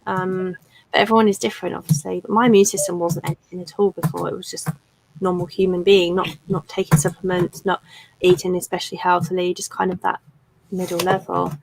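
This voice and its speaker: A woman's voice: on the low side, level tone, a little fast, vocal fry, a little mellow, a little hiss or hum, rough recording. Woman co-hosting a chatty live stream, reads out viewer comments. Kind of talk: casual live stream chat.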